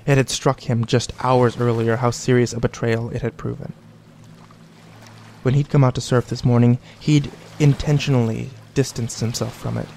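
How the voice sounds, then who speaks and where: A man's voice: medium pitch, level tone, normal speed, gravelly, darkish tone, a little hiss or hum. Man narrating a horror story. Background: faint background music.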